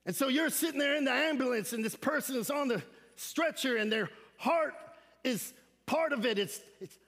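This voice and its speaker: A man preaching an animated sermon as a guest speaker, with slangy asides and shouted emphasis. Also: very high-pitched, moderate pace, in a large hall. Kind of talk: energetic sermon. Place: church sanctuary.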